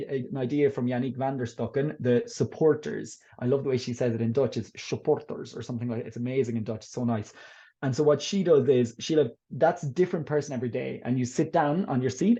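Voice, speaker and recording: A man's voice: mid-range voice, mellow, highs cut off. A man presenting a teaching workshop in a webinar, upbeat and encouraging as he answers questions from teachers. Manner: upbeat and encouraging, talks teachers through tips. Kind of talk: webinar talk and Q&A.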